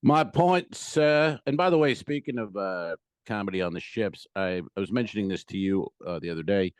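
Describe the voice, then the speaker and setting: A man, talking in casual podcast banter as a co-host. He tells stories in a lively way and swears freely. The sound is dry and close. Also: fairly low pitch, normal speed, clean tone, no room sound. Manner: animated storyteller, swears freely.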